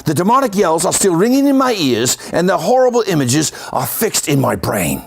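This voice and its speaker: A man voicing a grim male British magistrate in a put-on Cockney accent, reading slowly and dramatically. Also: fairly high pitch, huge pitch swings, creaky, husky, heavily acted. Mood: horrified.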